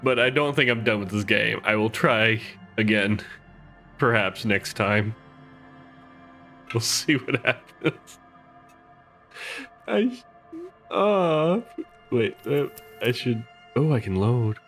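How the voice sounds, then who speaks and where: A male game streamer talking casually while he plays, thinking out loud with a giggly, rambling manner. His pace is unhurried and drawn out. Faint music plays behind him. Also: medium pitch, animated. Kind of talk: casual gameplay commentary.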